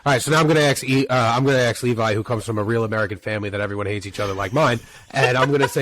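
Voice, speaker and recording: A man hosting a podcast, throwing quick questions to his co-hosts in casual chat. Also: mid-range voice, a bit bright, a little hiss or hum. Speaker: podcast host.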